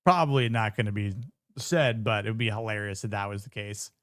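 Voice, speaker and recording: A man's voice: lowish voice, brisk, a bit bright. A man giving casual reaction commentary on a TV episode, blunt, profane and joking. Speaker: show reviewer.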